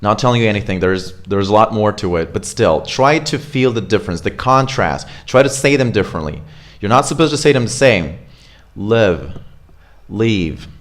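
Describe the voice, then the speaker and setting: A man, coaching pronunciation in a relaxed, chatty way. He models words slowly one by one and keeps asking "right?" to check that his listeners follow. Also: fairly low pitch. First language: Russian. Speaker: accent coach. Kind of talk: casual pronunciation lesson.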